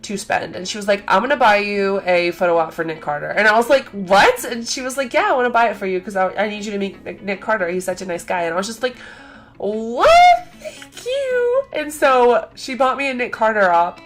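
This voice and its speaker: A young woman telling a convention story in a casual vlog, chatty and excitable, full of fillers and acted-out quotes. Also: mid-range voice, fairly quick, faint music behind. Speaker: vlogger.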